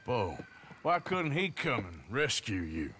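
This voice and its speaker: An actor playing a weary, gruff middle-aged outlaw with an American accent, speaking slowly and laconically in a video game cutscene. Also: male voice, medium pitch, wildly swooping pitch, heavily acted. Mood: laconic. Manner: slow drawling and laconic. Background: loud game music.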